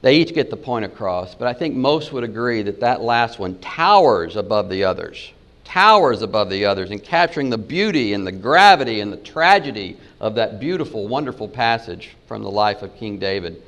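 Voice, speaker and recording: A man giving a Bible lesson, reading verses in several versions slowly and softly, then building to emphatic points. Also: lowish voice, very animated. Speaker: Bible teacher. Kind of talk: spoken lecture with scripture readings.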